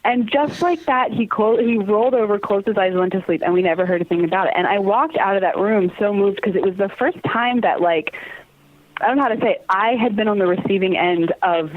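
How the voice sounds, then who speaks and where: A woman's voice: mid-range voice, a little fast, no room sound. Earnest woman on a tinny phone line. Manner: earnest, laughs often while telling stories. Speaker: interview guest, theater company communications manager. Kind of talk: podcast interview, personal storytelling.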